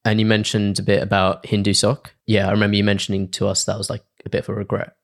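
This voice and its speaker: A man in his twenties hosting a laid-back podcast. His low voice has a gravelly, creaky edge, and he asks easy questions between bits of banter. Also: fast. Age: 20s. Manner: relaxed, asks the questions, slips into a put-on announcer voice for intros. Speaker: podcast host. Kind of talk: casual chat.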